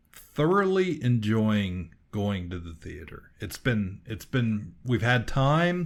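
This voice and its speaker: A man co-hosting a podcast, telling a long, rambling story in casual chat, full of fillers and restarts. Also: on the low side. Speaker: podcast co-host.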